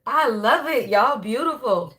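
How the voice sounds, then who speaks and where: A woman hosting a casual spiritual reading livestream, talking to viewers in an animated, chatty way with a tired, strained voice. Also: on the high side, a little slow, background noise. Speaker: spiritual reader and channel host.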